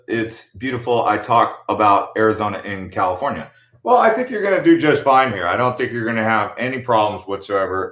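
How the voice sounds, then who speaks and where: A man's voice: fairly low pitch, a bit bright. An American man hosting a livestream, chatting casually and in a laid-back, slangy way while answering viewer comments. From United States. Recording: echoey room.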